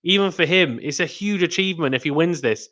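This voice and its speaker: Male streamer, live tennis play-by-play, excitable on big points, slightly higher-pitched voice. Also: fairly quick, dull audio. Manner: reads out chat messages to viewers.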